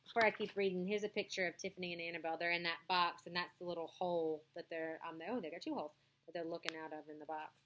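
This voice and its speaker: Bright-voiced woman reading kids' chapter book, plain and gentle. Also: lowish voice, steady tone, fast talker, a little hiss or hum. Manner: plain, gentle storybook reading with casual asides. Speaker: storyteller reading aloud.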